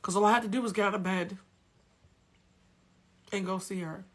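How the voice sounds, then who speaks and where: Candid coach on a live stream, woman with a bright, forceful voice, blunt and cussing. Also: mid-range voice, fairly even intonation, moderate pace. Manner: candid, blunt, swears freely. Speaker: spiritual coach and tarot reader. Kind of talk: casual live-stream storytelling. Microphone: phone.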